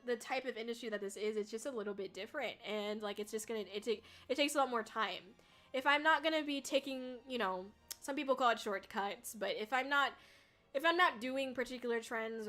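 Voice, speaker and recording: The young VTuber's voice sits on the high side with a fairly bright tone as she chats casually through viewer comments. Bubbly and laughing often, she swears a little and becomes emotional, even tearful, when thanked.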